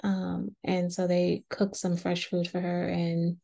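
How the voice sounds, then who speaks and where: Low, gravelly woman recapping reality TV. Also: slow pace. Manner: chatty, acts out quotes in a lively voice. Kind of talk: casual recap commentary.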